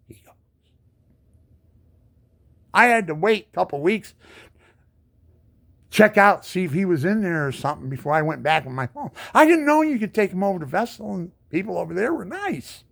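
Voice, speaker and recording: Gravelly man in his seventies, ranting. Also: sits high, expressive, moderate pace, long pauses, fairly bright tone. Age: 70s. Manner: indignant ranting, rhetorical questions, repeats words. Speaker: disabled veteran. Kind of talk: angry monologue to camera.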